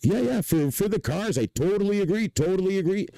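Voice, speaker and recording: A man from Quebec with a Québécois French accent, talking casually and excitably on a livestream, rambling, swearing and repeating himself. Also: sits high, a little fast, gravelly, no echo, low-quality recording. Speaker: livestreamer and inventor.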